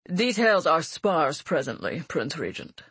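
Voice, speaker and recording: A woman voicing a nasal, uneasy male prime minister in an audiobook, slightly husky. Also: deep voice, big pitch swings, unhurried, a bit bright, no room sound, full character voice. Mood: placating.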